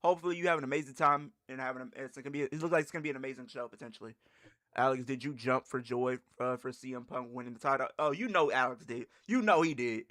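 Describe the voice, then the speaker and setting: A man's voice: mid-range voice, quick pace, fairly bright tone, dry recording, studio quality. A man hosting a livestream, reacting animatedly and repeating bro and fam. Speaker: livestream host.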